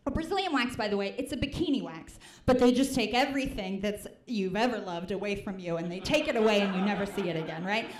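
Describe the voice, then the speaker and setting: A woman's voice: medium pitch, expressive, fast talker, hardly any pauses. Young woman doing stand-up in a roomy club. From American Midwest. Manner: conversational, self-deprecating, many "like"s and "right?"s. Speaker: stand-up comedian. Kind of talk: stand-up set. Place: comedy club stage before a live audience.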